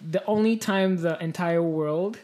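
A woman's voice: fairly low pitch, unhurried, mellow. A woman co-hosting a podcast in casual chat, laughing often and shrieking when amused. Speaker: podcast co-host.

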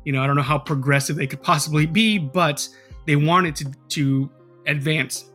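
A man hosting a podcast, his voice sitting a little high. He rambles through his story with plenty of "uh"s and casual swearing, and faint music plays underneath. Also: normal speed, fairly bright tone. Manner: rambling, filler-heavy, profane storytelling. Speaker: podcast host.

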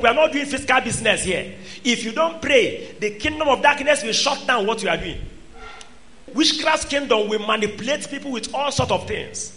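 A man preaching a sermon, swinging between loud exhortation and quiet asides. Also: very high voice.

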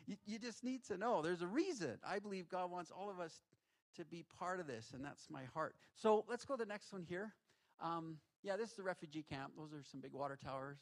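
A male pastor telling personal stories in a candid, conversational sermon to his church. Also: a little high. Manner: candid, conversational, animated storytelling. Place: church sanctuary.

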